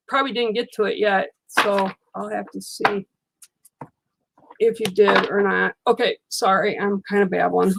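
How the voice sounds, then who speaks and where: Chatty older woman with a gravelly voice. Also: medium pitch, background noise. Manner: chatty, reassuring, talks back to viewer comments. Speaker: livestream reader. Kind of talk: casual livestream talk with viewers.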